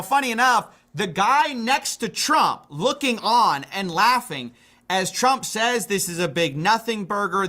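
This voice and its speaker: Male stream commentator, high and sharp tone, indignant and sarcastic. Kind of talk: livestream political commentary.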